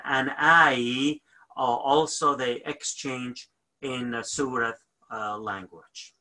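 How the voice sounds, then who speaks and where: A man teaching a grammar lesson, explaining step by step with frequent pauses, fillers and self-corrections, often checking in with "okay?". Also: medium pitch, sharp tone, low-quality recording. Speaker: language teacher. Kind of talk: recorded online grammar lesson.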